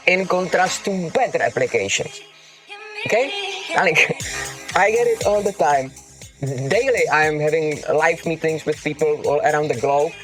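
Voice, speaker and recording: Faint music sits under the voice of a livestream host whose tone is fairly bright and on the high side, with a non-native English accent. In this casual Q&A he teases viewers emphatically, calls them darling, and repeats "okay? got it?".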